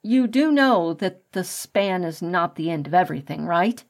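A woman's voice: lowish voice, lively intonation, normal speed. A woman voicing an odd young male rat who speaks in an offhand, knowing way.

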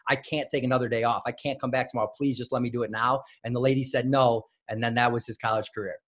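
A man's voice: mid-range voice, steady tone, fast talker, fairly bright tone. A man in his thirties from Illinois, a former wrestler, telling stories as a guest in a casual interview, with many fillers and restarts. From Highland Park, Illinois.

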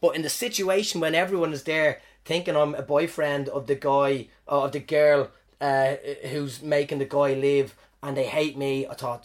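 An Irish comedian hosting his podcast, telling stories about his gigs in an animated, swearing, self-mocking way. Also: on the high side, moderate pace. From Ireland. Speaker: stand-up comedian, podcast host. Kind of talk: casual storytelling monologue.

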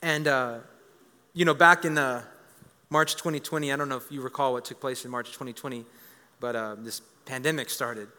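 A man in his thirties preaching a lively sermon as a pastor, joking with the congregation and repeating words as he builds a point. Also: mid-range voice, moderate pace. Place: church. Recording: reverberant church hall.

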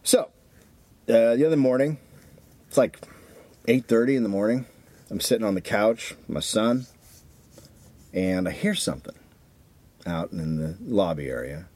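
A man with a lowish voice co-hosts a podcast, speaking unhurriedly with long pauses. His storytelling is animated and full of profanity, and he acts out the quotes of the people involved.

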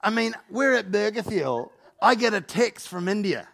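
A man preaching a sermon as pastor, animated, acting out Bible figures and joking with the congregation. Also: high-pitched, moderate pace, creaky, noisy background. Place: church hall.

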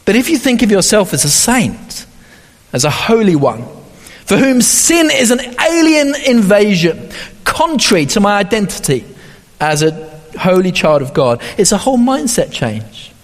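A man's voice: high-pitched, sing-song, a little slow. A man preaching a sermon as pastor, reading scripture and acting out quoted voices. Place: church hall. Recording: long hall reverb.

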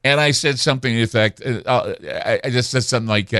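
Male talk radio host, ranting and emphatic, bright forceful tone, dry close sound. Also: mid-range voice, quick pace, no echo. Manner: ranting, emphatic, repeats himself.

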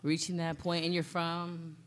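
A woman with a lowish voice, co-hosting a casual podcast from a studio. She teases and jokes with her guest and laughs a lot. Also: completely flat delivery, measured pace. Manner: teasing, laughs often. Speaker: podcast co-host.

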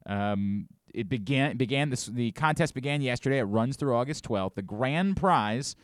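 A man's voice: medium pitch, animated, moderate pace, dry recording, studio quality. A man hosting a radio show, chatting casually and reading contest promos with rising enthusiasm. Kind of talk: casual sports radio chat.

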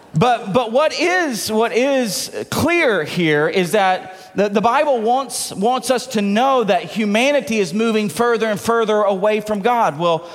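A male pastor with a high voice preaches a sermon to his congregation in a church sanctuary, the sound filling a big room. He builds his point with playful asides and repeated words.

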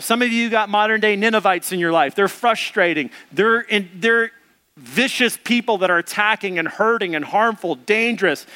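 A male pastor preaching an animated sermon, acting out the voices of the people in the story as he goes. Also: high voice.

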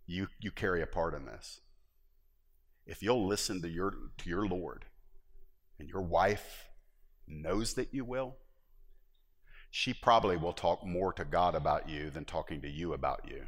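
A male pastor preaching a sermon in a lively, conversational way, with joking asides to the congregation, and he jumps into high, excited voices when he acts out a story. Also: a little slow, pauses often. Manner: animated, jumps into high voices acting out David. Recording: long reverb of a large hall.

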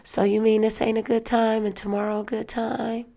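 A dismissive mother brushing someone off over the phone, as a woman mimics her. She mutters low and offhand, with a gravelly fry. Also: little pitch movement, moderate pace, dark tone.

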